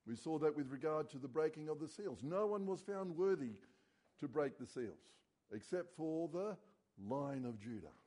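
Pastor, male, warm mellow tone, earnest sermon delivery that sinks quiet on key words. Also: fairly high pitch, expressive, normal speed.

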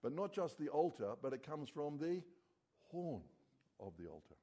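Mellow-voiced preacher. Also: male voice, very animated, moderate pace. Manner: earnest preaching, drops low and quiet on key words. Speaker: pastor. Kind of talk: sermon.

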